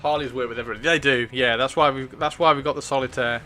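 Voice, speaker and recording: Brief: male streamer, bright voice, chatty and enthusiastic, faint music behind. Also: medium pitch, steady tone, quick pace. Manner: chatty, laughing, enthusiastic, repeats words. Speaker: livestream host. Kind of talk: casual livestream chat.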